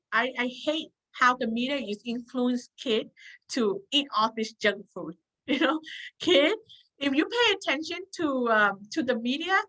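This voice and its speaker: Woman running a self-help workshop, keeps asking okay?, bright tense tone. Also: fairly high pitch, poor audio. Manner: earnest, repeats points, checks in with "okay?". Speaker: workshop leader.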